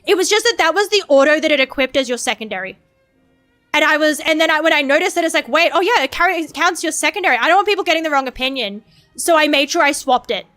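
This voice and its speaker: A woman with a high voice chats on a live stream, rambling and cursing freely at her own expense. Faint music plays softly behind her. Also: animated, fast talker. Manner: rambling, profane, self-mocking. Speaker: VTuber streamer. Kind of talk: casual stream chat.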